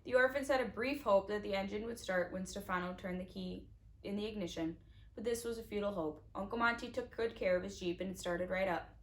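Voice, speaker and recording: A woman's voice: mid-range voice, brisk. Woman casually reading a novel aloud. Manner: casual, with small slips and restarts. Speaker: audiobook reader.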